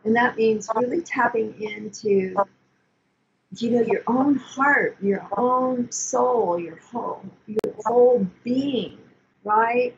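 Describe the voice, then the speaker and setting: An older woman therapist explaining emotional self-care in an earnest, coaching way, with gentle self-soothing asides. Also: fairly high pitch, slow pace, creaky. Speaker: therapist guest. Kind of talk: explanatory podcast talk. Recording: dull lo-fi sound with faint noise.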